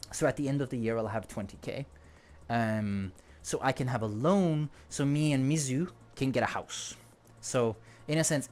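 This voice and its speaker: Animated male streamer with an accent. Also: mid-range voice. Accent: non-native English accent. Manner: rambling, jokey, laughs often. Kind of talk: casual livestream chat.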